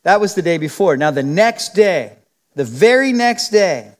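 A man with a strikingly high voice preaches a verse-by-verse Bible teaching, chatty and animated, acting out the lines of the people he quotes. His pitch swings widely, and a long reverb from the hall trails every phrase. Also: measured pace. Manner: conversational, acts out quotes with shifting voices. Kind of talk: expository Bible teaching sermon.

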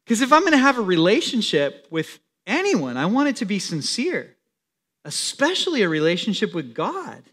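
A man's voice: sits high, wildly swooping pitch, normal speed, fairly bright tone, breathy edge. A young man, a pastor, preaching a sermon in a plain, conversational way.

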